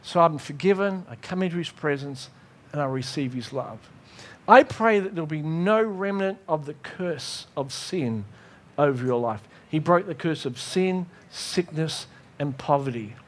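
Animated high-voiced male preacher. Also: measured pace, slight background noise. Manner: animated, acts out dialogues with God. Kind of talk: sermon.

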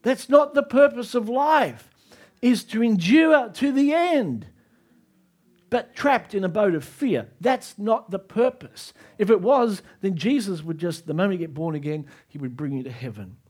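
High-voiced man preaching emphatically. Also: animated, a little slow, husky. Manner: emphatic preaching that swings from soft asides to raised climaxes. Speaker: pastor. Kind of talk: sermon.

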